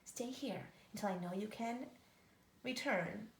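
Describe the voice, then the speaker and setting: Woman reading as a hushed, brave young girl. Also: medium pitch, measured pace, creaky, reverberant, a little hiss or hum.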